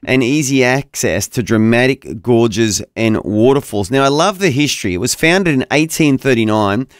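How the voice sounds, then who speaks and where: An upbeat Australian man co-hosting morning radio, talking in quick, cheerful bursts. His voice is smooth and resonant, close to the studio mic with a dry sound. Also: mid-range voice, animated, no room sound. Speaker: radio co-host. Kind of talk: casual breakfast radio chat. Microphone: studio microphone.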